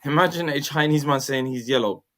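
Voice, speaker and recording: A man hosting a casual opinion chat, animated and preachy, full of slang. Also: mid-range voice, a little fast. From Somali heritage, UK.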